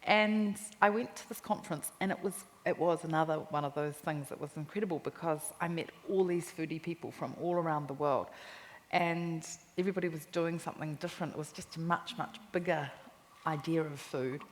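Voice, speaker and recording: A woman with a New Zealand accent, a cookbook author telling lively anecdotes in a stage interview at a live festival talk. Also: low voice, a little fast. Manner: animated anecdotes with quoted voices and laughter. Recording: reverberant hall with faint noise.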